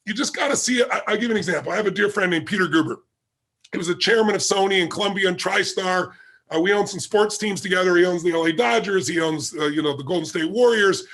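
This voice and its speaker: A man's voice: high voice, fast talker, fairly bright tone. A man being interviewed as a guest, telling a story vividly and acting out the quoted dialogue. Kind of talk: animated anecdotal storytelling.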